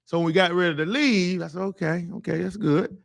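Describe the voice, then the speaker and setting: A man's voice: sits high, fairly quick, creaky, no echo, studio quality. A man who leads a teachers' association, telling a story in a rambling, blunt, heated way and repeating words as he goes. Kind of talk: casual storytelling monologue.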